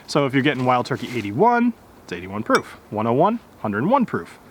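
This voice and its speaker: A man's voice: medium pitch, big pitch swings, fairly quick, creaky, slight background noise. A man casually reviewing a whiskey outdoors, chatty and correcting himself as he goes. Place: outdoors in nature.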